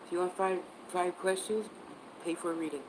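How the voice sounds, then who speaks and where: Woman psychic hosting a livestream, lower-pitched, chatty with viewers, faint noise behind. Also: fairly even intonation, brisk. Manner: chatty, answers viewer comments, spells words out. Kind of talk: casual livestream chat.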